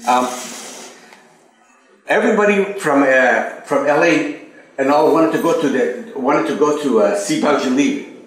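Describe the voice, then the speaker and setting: A man sharing personal memories with a group at a spiritual center, hesitant, with many restarts, rising high and animated when amazed. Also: a little slow, pauses often. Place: meeting room at a spiritual center. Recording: echoey room recording.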